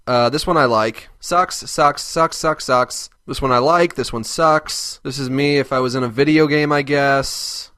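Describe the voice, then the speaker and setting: A man's voice: medium pitch, a bit bright, no echo, clean studio sound, close to an everyday voice. A man voicing a crude, abrasive cartoon host who answers fan mail with contempt and constant swearing. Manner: foul-mouthed, contemptuous, ranting. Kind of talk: animated web comedy sketch.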